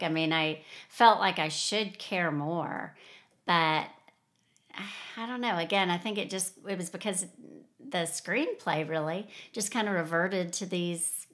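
A woman discussing a film in a casual panel chat, measured and often pausing to search for words. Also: lowish voice, fairly bright tone. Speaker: film critic.

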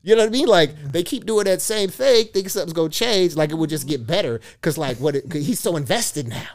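On a podcast, a middle-aged motivational speaker talks casually in a brisk, slightly high voice. His storytelling is animated, complete with acted-out dialogue and free swearing.

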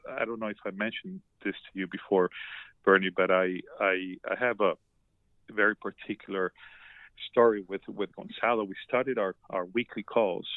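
Low-voiced man on a tinny line. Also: no echo. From Colombia. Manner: emotional, repeats words, many restarts. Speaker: podcast guest. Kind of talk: heartfelt conversational storytelling. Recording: dry, tinny phone-like line.

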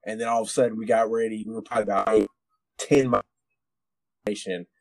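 A man's voice: fairly low pitch, level tone, fast talker, vocal fry, no room sound. A man, a military veteran, tells a war story on a podcast in a rambling, profane way, with many restarts. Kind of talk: casual storytelling.

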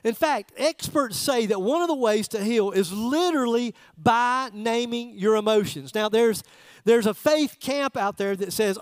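A man's voice: extremely high pitch, unhurried, smooth, dry recording. A man preaching a sermon in a church service, talking conversationally and putting direct questions to the congregation. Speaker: pastor.

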